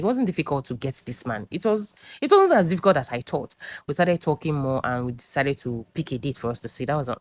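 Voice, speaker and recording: Fast-talking very low-voiced woman. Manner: chatty gossiping, frequent restarts and asides to viewers. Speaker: storyteller. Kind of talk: casual confessional storytelling.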